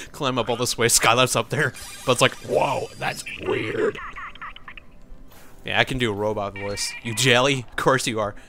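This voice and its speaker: A man's voice: mid-range voice, steady tone, fairly quick, background noise. A young man giving casual, rambling let's-play commentary, joking and laughing as he plays. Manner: rambling, jokey, laughs often.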